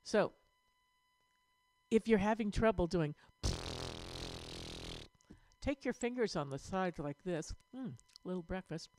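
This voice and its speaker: Upbeat woman leading vocal warm-ups. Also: mid-range voice, expressive, takes it slowly, long pauses, slight background noise. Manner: upbeat, encouraging, demonstrates breathing sounds. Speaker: choir director. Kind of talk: online vocal warm-up lesson.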